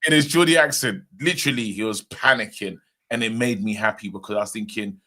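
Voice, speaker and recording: A man's voice: lowish voice, brisk, hardly any pauses. A man co-hosting a football podcast, telling stories in casual chat and laughing often. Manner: laughs often, excitable storytelling. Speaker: podcast co-host.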